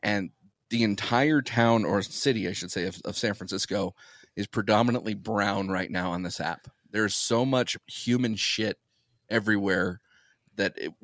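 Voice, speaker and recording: A man's voice: fairly low pitch, moderate pace, fairly bright tone, dry recording. A man co-hosting a podcast, rambling through crude jokes in casual chat. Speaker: podcast co-host. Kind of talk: casual banter.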